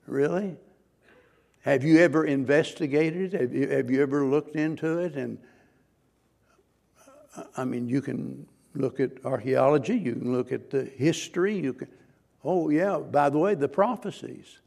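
A man's voice: medium pitch, unhurried, vocal fry, a little mellow. A man preaching a sermon as pastor, earnest and questioning, pressing his listeners with rising, emphatic points.

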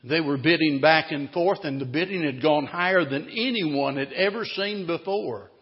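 A man preaching a sermon in a church, telling a story dramatically and swinging between loud and hushed delivery. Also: on the high side, normal speed. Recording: dull recording, long hall reverb.

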